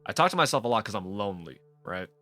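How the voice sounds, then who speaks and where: A gaming video host rambling through a profane, off-the-cuff rant, often breaking off mid-sentence. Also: male voice, lowish voice, very animated, fast talker, pushed and bright, dry recording, soft background music. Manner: rambling, profane, frequent self-interruptions. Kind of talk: casual off-the-cuff rant to camera.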